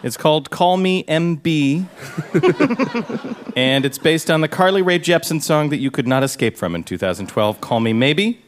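Man, house musician, high voice, unhurried, sing-song parody clues, guitar behind. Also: sing-song. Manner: chuckling, playful sing-song. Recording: live stage with guitar music.

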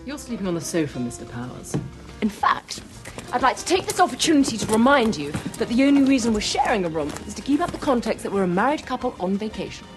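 An actress playing a prim, businesslike female spy with a crisp, proper delivery in a film scene with faint music. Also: on the high side, very animated, fast talker. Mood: stern.

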